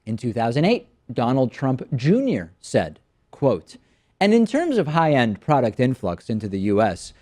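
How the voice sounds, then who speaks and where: A man's voice: medium pitch, huge pitch swings, moderate pace, dark tone. A man in his thirties hosting a political commentary show, reading out quotes with mocking, sarcastic emphasis.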